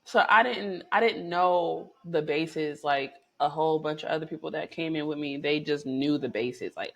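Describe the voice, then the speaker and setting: A woman vlogger telling a personal story in a lively, chatty way, with lots of swearing and big swings in pitch and volume. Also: normal speed, vocal fry, hardly any pauses. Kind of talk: casual storytelling to camera.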